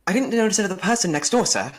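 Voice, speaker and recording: A streamer voicing a hostile male prison governor with a put-on Scottish accent, gruff and aggressive. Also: mid-range voice, lively intonation, rapid-fire, a little hiss or hum, voice pushed up, lightly acted. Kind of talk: reading a game role aloud on stream.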